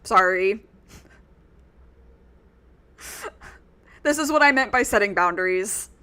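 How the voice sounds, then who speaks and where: A woman's voice: medium pitch, animated, slow, pushed and bright, smooth. A woman streaming a video game, chatting casually and with exasperation to her viewers. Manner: chatty, exasperated, talks straight to chat. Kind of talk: casual let's-play chat.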